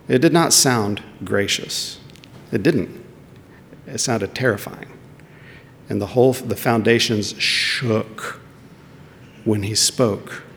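A man's voice: medium pitch, creaky, a little hiss or hum. A man preaching a sermon, emphatic and questioning, repeating words as he searches for them. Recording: long hall reverb.

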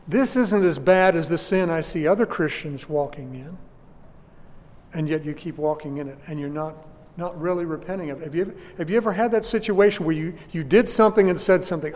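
A man's voice: a little high, fairly quick, darkish tone, long reverb tail. A man preaching a sermon to his congregation, earnest and questioning his listeners. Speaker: pastor.

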